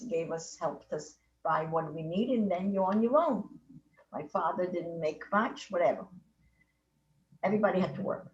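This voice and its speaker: Her voice low and a little mellow, a Holocaust survivor in her eighties shares her life story with a foreign accent in English, rambling, repeating, circling back and starting sentences over. The oral history recording is dull, distant and echoey.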